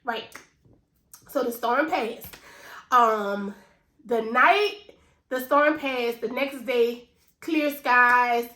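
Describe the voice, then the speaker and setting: A woman's voice: fairly high pitch, extremely slow, long pauses, bright, forceful tone. A woman in her thirties with a New Orleans accent, telling a personal story to her viewers in an emotional, conversational way. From New Orleans, USA. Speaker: finance vlogger. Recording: echoey room.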